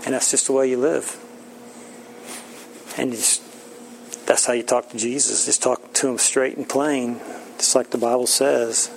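A man's voice: mid-range voice, steady tone, measured pace, creaky, pauses often, a little hiss or hum, low-quality recording. A middle-aged man preaching an informal sermon in a folksy, plain-spoken way, often laughing.

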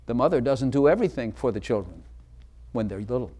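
A pastor preaches to a congregation in a dark-toned voice of ordinary middle pitch, talking fast and animatedly while hammering his points with emphasis. He often stops to ask listeners questions directly and waits for their answers.

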